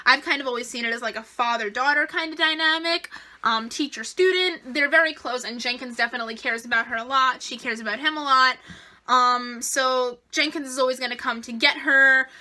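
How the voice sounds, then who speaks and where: Very high, bright-voiced gushing woman. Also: brisk. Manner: gushing and emotional; excitable, rambling. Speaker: TV episode reviewer. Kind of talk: casual fan review vlog.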